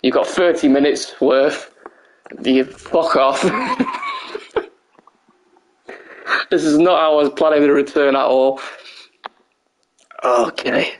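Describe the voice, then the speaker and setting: A young man commentating a wrestling video game on a live stream, excitable and tired, laughing and swearing often, his voice hoarse. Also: on the high side, slow pace, pauses often, a little hiss or hum.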